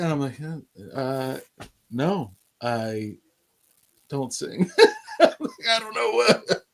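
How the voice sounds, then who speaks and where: A man's voice: on the high side, wildly swooping pitch, very slow, vocal fry, long pauses. Laid-back man with dry quips. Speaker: co-host of a livestream. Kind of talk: casual chat.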